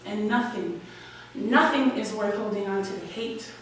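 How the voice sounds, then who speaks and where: A woman's voice: mid-range voice, measured pace, a little hiss or hum. A young woman from New York telling a candid, wry and emotional personal story at a live story slam. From Washington Heights, New York. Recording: echoey room, distant mic, faint ambience.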